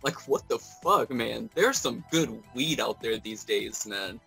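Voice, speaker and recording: A man's voice: mid-range voice, animated, slow pace, vocal fry, bright, forceful tone, faint music behind, rough recording. A man hosting a podcast, talking in an earnest, reflective way with casual swearing. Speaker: podcast host.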